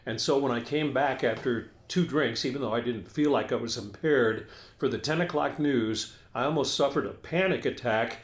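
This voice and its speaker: A man's voice: mid-range voice, normal speed, reverberant. A man in his sixties co-hosting a casual talk show, telling stories in a wry, self-deprecating way. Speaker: co-host. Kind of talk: casual chat.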